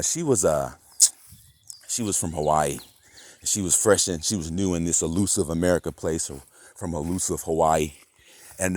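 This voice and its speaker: A man vlogging a rambling, profane rant that swings between muttering and loud outbursts. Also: sits low, no echo. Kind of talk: rambling monologue.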